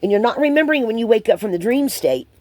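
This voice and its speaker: A woman's voice: a little high, lively intonation, fast talker, a little mellow, no room sound. Hesitant woman giving a spiritual card reading. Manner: hesitant, rambling, many ums and restarts. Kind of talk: channeled card reading to viewers.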